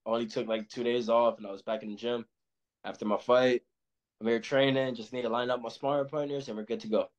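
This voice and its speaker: A man's voice: medium pitch, steady tone, fast. A young man from Los Angeles, a pro boxer, chatting casually in an interview in a laid-back, slangy way. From Los Angeles, USA. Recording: muffled lo-fi sound.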